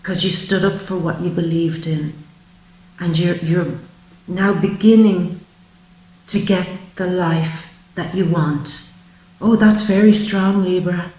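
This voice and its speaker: A woman giving a spoken psychic tarot reading, gentle, earnest and emotional, often slowing down. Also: on the low side, steady tone, echoey room, poor audio. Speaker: tarot reader.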